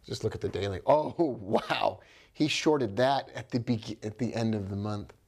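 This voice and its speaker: A man's voice: on the low side, normal speed, vocal fry, darkish tone, husky. A man giving live trading commentary, thinking aloud with upbeat exclamations and talking to viewers by name. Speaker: forex trader.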